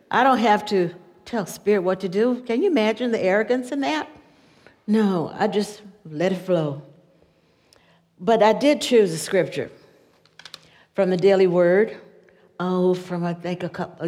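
A woman's voice: lowish voice, darkish tone. A woman giving a conversational sermon in church, chatty and folksy, often laughing at her own stories. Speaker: church speaker. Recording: long church reverb.

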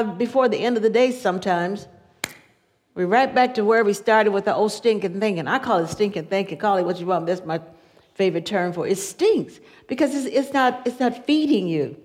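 A woman's voice: mid-range voice, darkish tone. A woman giving a conversational sermon in church, chatty and folksy, often laughing at her own stories. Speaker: church speaker. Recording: long church reverb.

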